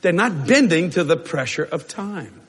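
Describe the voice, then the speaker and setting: Husky male preacher, high lively voice, bright tone, long church-hall reverb, animated and jokey. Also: moderate pace. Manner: animated, shouting in bursts, joking, acting out quotes.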